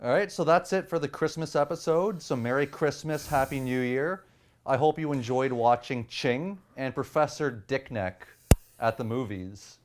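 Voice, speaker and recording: A man's voice: medium pitch, moderate pace, a little hiss or hum. A man co-hosting a casual movie review chat, teasing his partner and recommending films with enthusiasm.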